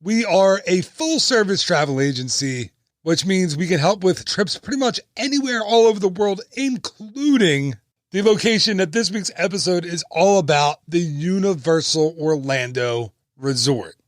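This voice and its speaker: A man's voice: sits high, animated, moderate pace, dry recording, studio quality. A man in his thirties hosting a casual travel podcast, upbeat and chatty with joking asides. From United States. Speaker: podcast host and travel agent.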